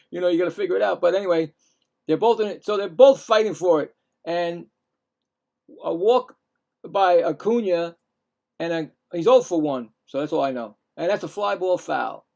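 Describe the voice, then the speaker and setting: A middle-aged man with a gravelly, slightly raised voice calls a baseball game live as a casual play-by-play streamer. He rambles, corrects himself and drifts into chatty asides between pitches. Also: fairly quick, darkish tone.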